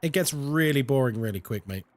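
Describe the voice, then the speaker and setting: Lively man streaming a game. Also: medium pitch, fairly quick, a little hiss or hum. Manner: animated and chatty, reads chat aloud, jokey asides. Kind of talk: casual live-stream chat while gaming.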